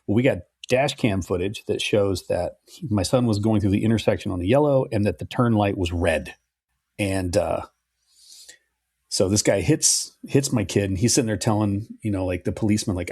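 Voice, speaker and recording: A middle-aged man co-hosting a podcast, telling a long story in a relaxed, chatty way and swearing now and then. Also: on the low side, moderate pace, breathy edge, dry recording, studio quality. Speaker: podcast co-host. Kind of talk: casual podcast chat.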